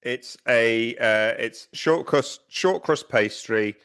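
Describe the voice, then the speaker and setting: A man's voice: mid-range voice, slow pace, fairly bright tone, clear, resonant tone. A man co-hosting a casual podcast, chatty and laughing often. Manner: chatty, laughs often, talks while eating. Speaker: podcast co-host. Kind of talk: casual chat.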